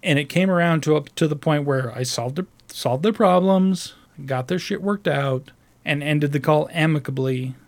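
Man, somewhat higher voice, casual profane storyteller; rambling, restarts often, animated. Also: moderate pace. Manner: animated, mimics other voices while retelling. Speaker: call center customer service agent.

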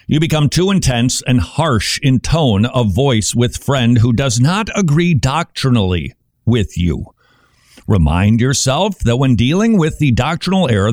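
Animated male preacher, dry close sound. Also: no room sound. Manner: animated, emphatic, shifts pace and pitch for effect; conversational, teaching with rhetorical questions. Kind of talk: sermon.

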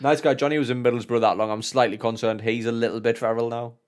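A Northern English man co-hosting a podcast, telling an animated story full of swearing and frequent laughter. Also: medium pitch, fast, clear, resonant tone. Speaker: podcast co-host. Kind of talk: casual chat, storytelling.

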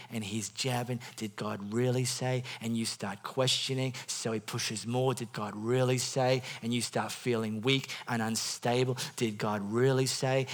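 Bright-voiced preacher swinging loud and soft. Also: male voice, mid-range voice. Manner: dramatic, swings from hushed to loud bursts; repeats phrases for emphasis. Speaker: pastor. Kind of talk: sermon. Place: church.

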